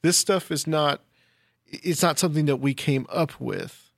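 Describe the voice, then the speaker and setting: A man in casual chat as a guest on a podcast, speaking haltingly with many restarts. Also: fairly high pitch, creaky, dry recording, clean studio sound.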